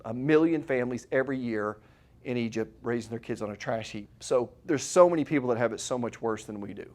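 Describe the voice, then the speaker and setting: A middle-aged man speaks as a chiropractor giving a health talk to a live audience. He keeps it conversational, tosses questions out to the room and waits for the listeners to answer in their heads. His pitch sits in an ordinary middle range for a man.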